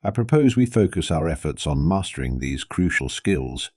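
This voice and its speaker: A man with a very deep voice voicing an eager, pompous male alien scientist in an audio story, speaking in an excited, lecturing way. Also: moderate pace, no echo, clean studio sound, exaggerated voice.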